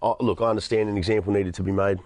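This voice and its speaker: A man's voice: lowish voice, fairly even intonation, rapid-fire, a little mellow, dry recording. An Australian man in his thirties giving an earnest personal testimony in an interview, often stammering and restarting. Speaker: interview guest.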